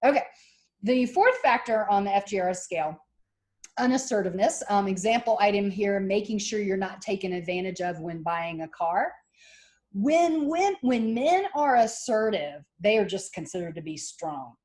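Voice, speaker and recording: A middle-aged woman giving a classroom lecture, telling stories and acting out the people she quotes in lively voices. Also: medium pitch, moderate pace. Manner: animated, acts out quoted voices. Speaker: college lecturer.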